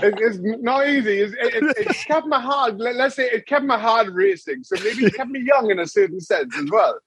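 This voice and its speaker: A middle-aged former goalkeeper, speaking a little fast in a very high voice, is a guest in a casual interview chat. He's an animated storyteller who laughs often as he tells his tales.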